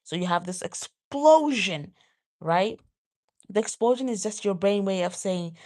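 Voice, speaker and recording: A woman vlogger talking casually to her viewers, getting animated and jumping high when she acts out her own outbursts. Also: measured pace. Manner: says "y'all" and "you guys". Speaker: vlogger host. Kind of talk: casual talk to camera.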